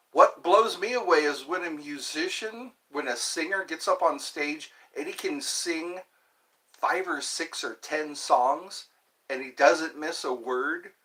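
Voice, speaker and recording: Alone on his livestream, a man in his fifties rambles, chats to himself, and leaps from one subject to the next. His voice is fairly high, pushed and bright.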